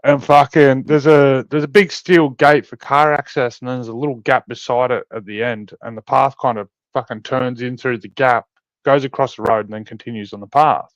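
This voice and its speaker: A man with an Australian accent in casual chat, telling rough, profanity-laced stories as a podcast co-host. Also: mid-range voice, normal speed, no room sound. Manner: swearing-heavy, animated storytelling. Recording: dry, slightly dull sound.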